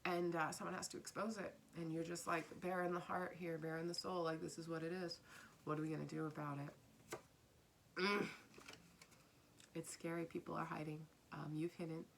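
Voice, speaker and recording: A woman with a deep, level voice speaks at normal speed, her tone fairly bright with some vocal fry, over slight background noise. She's a tarot reader giving a casual spiritual reading, earnest, repeating her phrases and sometimes dropping to a whisper.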